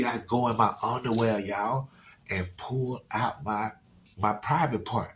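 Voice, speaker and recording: A man's voice: mid-range voice, steady tone, measured pace, fairly bright tone, slight background noise. A man telling a personal story to viewers in a casual, slangy way, repeating words and laughing now and then.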